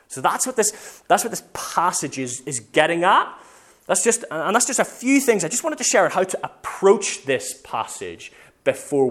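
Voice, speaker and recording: A man preaching a sermon in a church meeting room, in a casual, conversational way, correcting himself as he goes. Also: a little high. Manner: conversational, self-correcting, animated storytelling.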